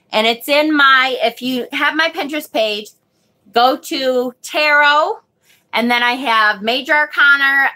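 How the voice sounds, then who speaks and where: She speaks on the high side with a sharp tone. As host of a live tarot stream she talks casually and reads viewers' comments, often losing her thread and swearing lightly when annoyed.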